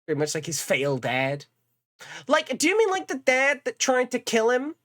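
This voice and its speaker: A woman's voice: a little high, wildly swooping pitch, moderate pace, fairly bright tone. A woman streaming a game live, chatting casually and irreverently, swearing freely and reading game lines aloud. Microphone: streaming mic. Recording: game music playing behind.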